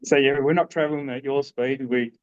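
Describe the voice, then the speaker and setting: A man's voice: mid-range voice, fairly even intonation, fairly quick, clear, resonant tone. Man on a dull call-in line. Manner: brief, agreeable replies. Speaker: caller. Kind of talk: casual chat.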